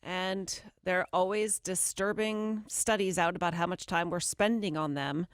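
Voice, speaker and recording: Woman radio co-host running thru the headlines, brisk and chatty, dry close mic. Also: on the low side, steady tone, no echo. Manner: brisk newsy delivery, quick laughs. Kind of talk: reading news items on morning radio. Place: radio studio. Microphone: studio microphone.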